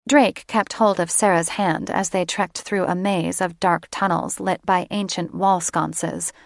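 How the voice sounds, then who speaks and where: Female audiobook narrator, low voice, slow and measured, close dry booth sound. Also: fairly even intonation, vocal fry, no echo. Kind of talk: scripted fantasy romance narration.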